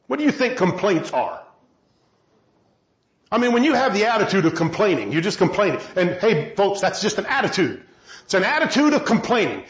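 A man preaches to a gathered congregation in a chatty, self-deprecating way, often turning questions to them. His voice sits high and swings widely in pitch. The sound is roomy and slightly muffled. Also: fairly bright tone. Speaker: pastor. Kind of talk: sermon. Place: large room with a congregation.

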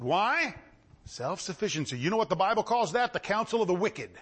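A man delivers a fiery sermon. His voice sits high and leaps around in pitch, rising to shouts and then sinking into quiet, wry asides. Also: big pitch swings, brisk, breathy edge. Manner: impassioned, swinging between shouts and low asides. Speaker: preacher.

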